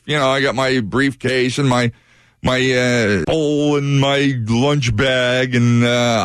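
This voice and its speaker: A man's voice: mid-range voice, dry recording, studio quality. A man hosting a morning radio show, telling a story with energy and acting out what each person said. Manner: animated storyteller who acts out quoted voices.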